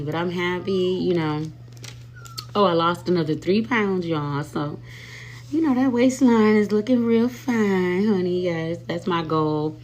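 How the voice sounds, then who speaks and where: A woman with a lowish voice talks casually to her livestream viewers. She is chatty and sassy, and keeps calling them y'all and honey. A faint hum runs under the recording. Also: a little mellow. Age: adult with children. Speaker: livestream host. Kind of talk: casual live-stream chat.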